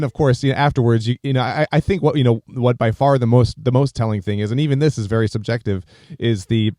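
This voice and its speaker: A man's voice: mid-range voice, fast talker, hardly any pauses, mellow, no echo, studio quality. An American man co-hosting a podcast, speaking casually with many restarts and filler words. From United States. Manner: hesitant, many false starts and fillers. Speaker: podcast co-host.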